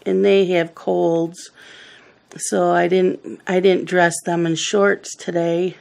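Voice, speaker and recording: A woman's voice: on the low side, level tone, takes it slowly, creaky, darkish tone. A middle-aged woman hosting a coloring video, chatting casually and telling rambling family stories while she works. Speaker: coloring channel host.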